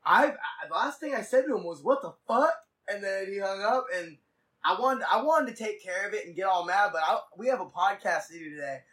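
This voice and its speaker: A man hosts a casual podcast, spinning a rambling, profane story in quick bursts. His voice sits a little high and has a bright, forceful edge. He sounds set back from the mic. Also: animated, recorded from a distance, rough recording. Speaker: podcast host.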